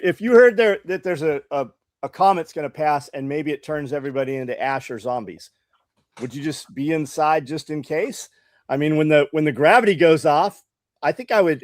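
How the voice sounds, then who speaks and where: A man's voice: on the high side, dry recording, studio quality. A man co-hosting a casual live talk show, speaking with hesitant starts. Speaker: co-host.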